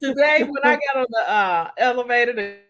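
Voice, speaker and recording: A woman co-hosting a radio show, telling stories in an animated, laughing casual chat. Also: a little high, a little fast. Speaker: radio co-host.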